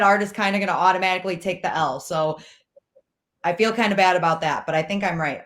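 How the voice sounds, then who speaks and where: A woman's voice: mid-range voice, fairly bright tone. A woman panelist recalling a goal and answering a quiz question in easygoing casual chat.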